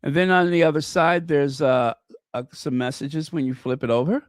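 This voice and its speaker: A man's voice: on the high side, normal speed, smooth, no room sound, clean studio sound. A man hosting a casual livestream, gushing over gifts and greeting viewers by name. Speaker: channel host. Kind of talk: casual live-stream chat.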